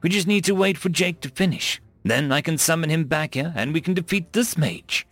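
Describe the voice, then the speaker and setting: A man voicing a young sorceress, high and urgent. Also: fairly quick, fairly bright tone, dry recording, soft background music. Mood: earnest. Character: young woman spellcaster, eager and anxious.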